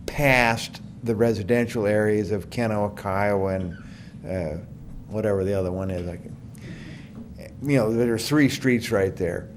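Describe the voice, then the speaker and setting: A man's voice: on the low side, slight background noise. An older man, a great-grandparent, speaking plainly and rambling a bit during public comment at a council meeting.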